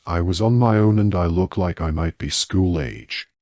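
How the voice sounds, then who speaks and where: A man's voice: sits low, normal speed, a little mellow, dry recording, natural voice. A man reading an audiobook, voicing an awkward, apologetic teenage wizard boy who pleads and blusters. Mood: defensive.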